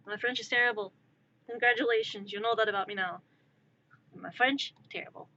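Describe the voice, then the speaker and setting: A woman's voice: a little high, fairly even intonation, a little fast, pauses often, pushed and bright, highs cut off, slight background noise. A woman streamer in casual live-stream chat, rambling and filling her sentences with "like". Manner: rambling, heavy use of "like".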